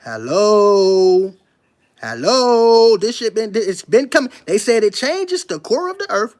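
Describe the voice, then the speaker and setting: A commentator talking straight to viewers in a casual monologue, emphatic and full of rhetorical questions, stopping to read passages aloud slowly before commenting on them. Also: medium pitch, very animated. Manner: emphatic, keeps firing rhetorical questions at listeners. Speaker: online commentator.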